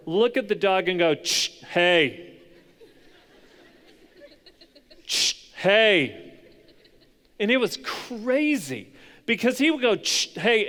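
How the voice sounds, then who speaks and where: A young adult man preaching a sermon as pastor, moving between hushed, intense passages and loud, animated storytelling. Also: high-pitched, clean tone.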